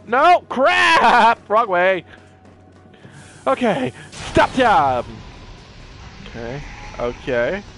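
A man casually commenting on his own gameplay, excitable, exclaiming and playfully taunting enemies into a desk mic. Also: high-pitched, very slow, long pauses, faint music behind. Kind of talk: casual let's-play commentary. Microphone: personal desk mic.

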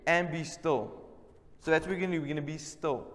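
A man's voice: fairly high pitch, fairly even intonation, a little fast, fairly bright tone, big-room sound. A man preaching a sermon in a church, emphatic and repeating key words, calling out to the congregation for responses. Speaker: pastor. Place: church service.

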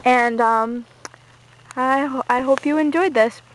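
A woman's voice: high-pitched, takes it slowly, slight background noise, poor audio. A woman talking casually in a home video outdoors in the rain, playful and a little dramatic, with hesitant fillers. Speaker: vlogger.

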